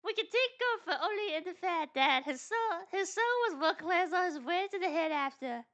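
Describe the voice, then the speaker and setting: A woman's voice: on the high side, lively intonation, brisk, sharp tone, highs cut off. A woman voicing a pompous, theatrical Victorian male detective while reading game dialogue aloud, with a grandiose delivery. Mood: mock-british. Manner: grandiose, reads lines with stumbles. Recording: game music underneath.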